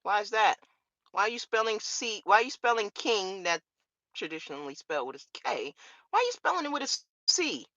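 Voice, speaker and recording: A woman's voice: medium pitch, big pitch swings, fairly quick, a bit bright, no echo, muffled recording. A woman vlogger, ranting straight to camera on her law channel with profanity and rhetorical questions. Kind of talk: casual straight-to-camera rant.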